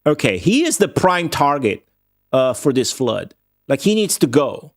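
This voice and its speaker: Streaming a game and talking with his chat, an Italian-born man speaks English with a faint Midwestern lilt and a hint of Australian. His pitch is fairly high and swings widely, his pace unhurried, his commentary profane, meandering and offhand. The sound is dry and clean, studio grade.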